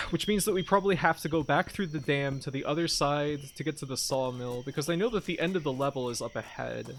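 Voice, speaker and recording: A man's voice: on the high side, fairly quick, slight background noise. A man streaming a video game, chatting casually with wry, rambling jokes and asides. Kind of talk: casual gameplay commentary.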